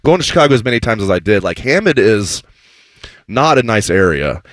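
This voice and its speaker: A man with a lower voice that swings widely in pitch, chatting as a sports talk show co-host. He is opinionated and teasing. The sound is close and dry. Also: a little fast, dry recording. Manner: opinionated, lively ribbing. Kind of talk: casual chat.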